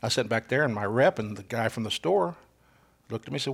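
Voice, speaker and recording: An older man with a gravelly, husky voice, telling hunting stories in a lively way and acting out the people in them. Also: medium pitch, a little fast. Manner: animated storyteller, acts out voices in quotes. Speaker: guest co-host, veteran turkey hunter. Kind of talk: casual storytelling chat.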